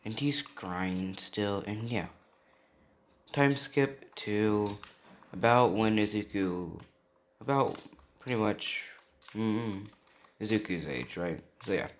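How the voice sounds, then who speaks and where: A man's voice: lowish voice, slow, long pauses, slight background noise. A young man improvising a fan story, rambling with lots of fillers.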